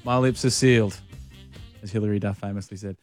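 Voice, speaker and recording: A man's voice: on the low side, fairly even intonation, a little fast, darkish tone, soft background music. A man hosting a radio show, joking around with his co-host in a studio and stumbling over restarts in a playful, self-mocking way. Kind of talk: breakfast-radio banter. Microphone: studio microphone.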